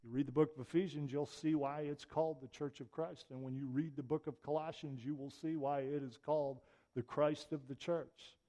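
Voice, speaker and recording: A middle-aged man delivers a sermon in a relaxed, conversational way, with touches of wry humor. His speaking voice sits on the higher side for a man. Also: normal speed. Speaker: preacher.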